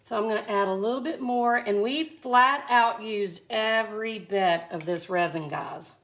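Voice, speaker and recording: A woman's voice: medium pitch, moderate pace, a bit bright. A woman from Mississippi with a Southern accent, chatty and effusive, giving a live art tutorial. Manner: chatty, effusive, exclaims often. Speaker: resin art instructor.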